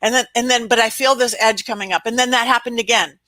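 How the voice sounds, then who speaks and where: Bright, animated woman telling a story. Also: a little high, fast, dry recording, poor audio. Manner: animated, dramatic storyteller who acts out quotes. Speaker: spirit medium and guest.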